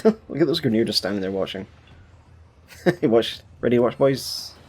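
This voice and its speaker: A man's voice: mid-range voice, lively intonation, normal speed, breathy edge. A man casually commenting on his gameplay as a gaming YouTuber, chatty and laid-back with playful asides.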